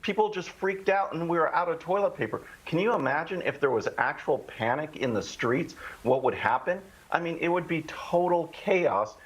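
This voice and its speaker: A man's voice: fairly high pitch, slightly rough, poor audio. A man giving emphatic political commentary as a guest on a live TV news show. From Texas.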